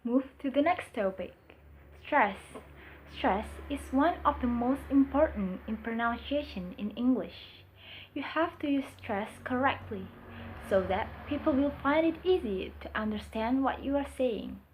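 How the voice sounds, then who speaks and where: Brief: young female student, slow scripted reading, light hiss in the background. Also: sits high, expressive, phone-quality sound. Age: young adult. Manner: reads prepared script. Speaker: student presenter. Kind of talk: class presentation. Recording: faint background noise.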